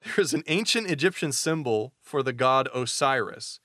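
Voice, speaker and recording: A man co-hosting a podcast, casually retelling a novel's plot with quick voiced asides. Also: mid-range voice, animated, bright, forceful tone, no room sound, clean studio sound. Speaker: podcast co-host recapping a novel. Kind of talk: casual chat.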